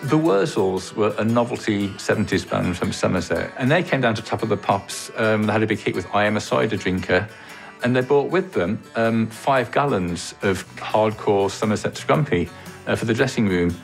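A man's voice: fairly low pitch, expressive, moderate pace, creaky, faint music behind. A man in an interview telling an amused backstage story, with many ums and uhs. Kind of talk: reminiscing interview.

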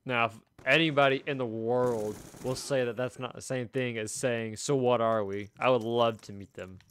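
A young man streaming a game chats casually, chuckling as he tells a long, rambling story while faint video game gunfire plays behind him. His medium-pitched voice is fairly even in intonation, at normal speed, with a clean, fairly bright tone.

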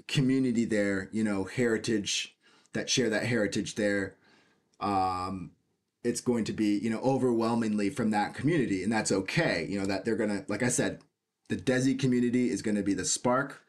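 An American man chatting casually about cricket news, reading bits aloud and adding jokey asides and questions. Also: fairly low pitch. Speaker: cricket video host.

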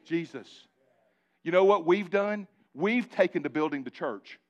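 A man preaching a live sermon in church, animated and joking with his congregation, calling on them directly. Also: sits high, a little slow, highs cut off. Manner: animated, talks directly to the congregation with asides and jokes. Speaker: pastor. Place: church sanctuary before a congregation.

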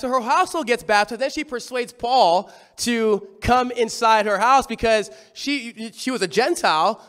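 A man preaching a sermon, telling the story in an animated, conversational way. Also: extremely high pitch.

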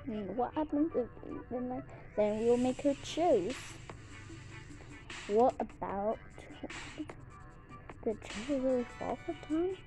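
A woman reading all the parts of a homemade drama, switching roughly between character voices. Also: fairly high pitch, animated, slow, pauses often, mellow, soft background music, low-quality recording.

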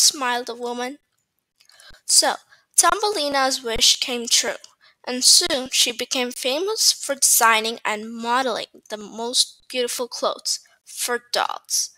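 A woman reading a bedtime story aloud in a gentle, expressive storyteller's manner on a close mic. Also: on the high side, takes it slowly, no echo, rough recording.

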